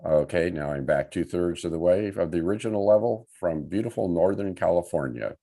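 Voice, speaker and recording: Male, very low and warm, lav mic, wry joker. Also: fairly quick. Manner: dry joking banter. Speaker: call participant. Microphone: lavalier.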